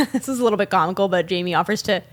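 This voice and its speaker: A young woman co-hosting a casual film podcast, talking at an ordinary pitch. She retells movie scenes in a chatty, animated way, full of fillers and quick asides. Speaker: podcast co-host.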